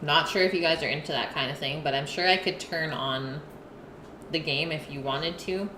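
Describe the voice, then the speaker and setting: Her voice slightly low for a woman, a cooking live-stream host eats and chats casually with her viewers, pausing between bites to read their messages. The sound has a roomy quality, with clear background noise from a home kitchen.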